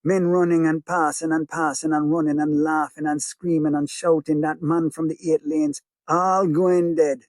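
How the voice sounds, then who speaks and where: Jamaican man narrating in hushed patois. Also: on the high side, flat delivery, normal speed, hardly any pauses, no echo. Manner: rhythmic, hushed storytelling in patois. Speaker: audiobook narrator. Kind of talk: first-person audiobook narration of a child's memory.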